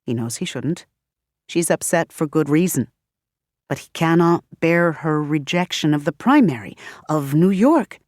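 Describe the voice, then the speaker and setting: A woman narrating an audiobook with expressive, varied delivery. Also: deep voice, unhurried, no echo, clean studio sound. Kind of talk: scripted narration.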